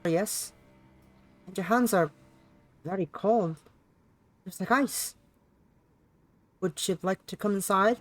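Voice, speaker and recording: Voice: mid-range voice, natural voice. A streamer voicing a friendly, lonely young village girl in a put-on southern drawl that keeps slipping toward Scottish.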